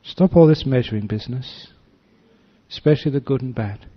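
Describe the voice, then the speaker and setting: An older man, a Buddhist monk, giving a dharma talk that is full of storytelling, acting out voices with gentle humor. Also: medium pitch, fairly quick. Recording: slightly dull lo-fi recording.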